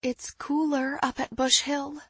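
An earnest young woman presses her idea with quiet insistence, read aloud by a woman. Her voice is high and softly breathy, unhurried. The recording is dry and close. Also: flat delivery, no room sound. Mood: pleading.

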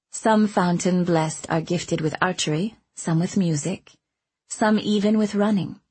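A woman reading a story aloud as an audiobook narrator, in a calm, even manner. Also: mid-range voice, slightly rough. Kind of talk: scripted narration.

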